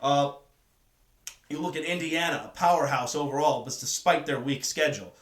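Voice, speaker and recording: A man's voice: a little high, normal speed, fairly bright tone, recorded from a distance. A man hosting a solo sports talk show, giving opinionated commentary that circles back to the same points. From northern United States. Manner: opinionated, repeats his points. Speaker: sports podcast host. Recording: echoey room, voice away from mic.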